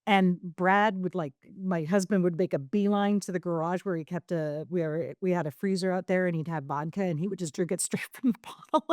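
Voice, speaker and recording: A woman's voice: on the low side, steady tone, normal speed, few pauses, darkish tone, dry recording, studio quality. A woman guest on a podcast telling her story candidly, rambling with many fillers and restarts.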